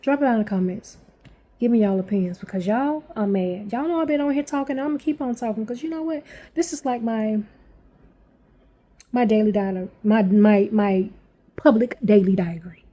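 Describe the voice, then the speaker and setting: Angry, high-voiced woman venting bluntly. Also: normal speed, dark tone. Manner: blunt, heavy swearing, repeats herself. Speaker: parent vlogger.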